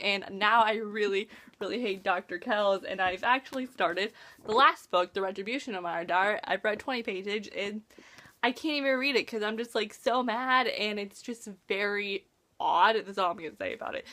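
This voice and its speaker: A woman hosting a casual book review vlog, retelling a plot in an animated, exasperated way. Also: mid-range voice, moderate pace.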